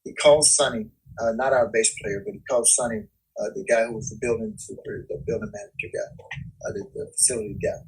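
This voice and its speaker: A man, a guest musician, telling a story in casual, slangy speech, animated and full of repeats. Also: mid-range voice, fairly quick, vocal fry, slightly rough, low-quality recording.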